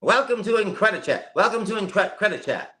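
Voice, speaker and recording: A man's voice: sits high, expressive, brisk, a bit bright, echoey room, voice pushed up. A man doing a playful impression of the male host, with a cheery announcer-style greeting. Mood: upbeat. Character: impression of the show's male host, brighter and higher.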